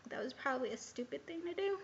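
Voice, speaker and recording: A woman's voice: sits high, animated, fast talker, lo-fi sound. A woman telling a personal story in a casual vlog, rambling and candid with many hesitations. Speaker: vlogger.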